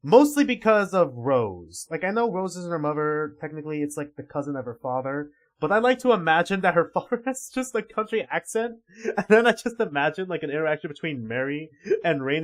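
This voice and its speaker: Man, livestream commentary, excitable, swears a lot, rambling asides, very animated pitch. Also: a little fast. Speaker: livestream webcomic reader.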